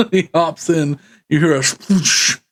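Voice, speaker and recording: A man's voice: fairly high pitch, fairly even intonation, slow. A man narrating as game master of a tabletop game, rambling loosely and laughing often.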